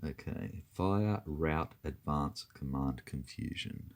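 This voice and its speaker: A man's voice: rumbling low, slow, gravelly. A man talking through his moves in a tabletop wargame, methodically counting dice and spaces aloud. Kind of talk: talking through a board game turn.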